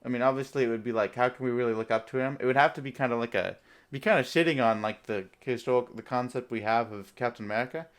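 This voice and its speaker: Young guy podcast host, rambly, laughs a lot, mid-pitched voice. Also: quick pace, smooth. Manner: rambling, laughing, full of filler words. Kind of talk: casual podcast chat.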